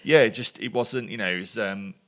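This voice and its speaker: A man with a Birmingham accent and a fairly low voice talks in a loose, chatty way. He wanders through his stories with plenty of fillers and restarts, like a podcast guest recalling his past. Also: brisk, a bit bright. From Birmingham, England. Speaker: podcast guest, former lawyer. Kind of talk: casual storytelling in conversation.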